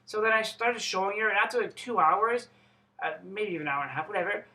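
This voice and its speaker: A man's voice: sits high, fast talker, pushed and bright, low-quality recording. A man telling a personal story in a rambling, profane way, often breaking off and restarting. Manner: rambling, profane, self-interrupting. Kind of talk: casual storytelling monologue.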